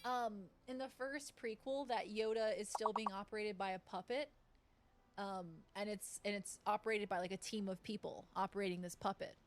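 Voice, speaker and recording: A woman's voice: mid-range voice, fairly even intonation, normal speed, background noise. A woman streaming games, chatting playfully with her viewers and laughing often. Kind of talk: live-stream gaming chat.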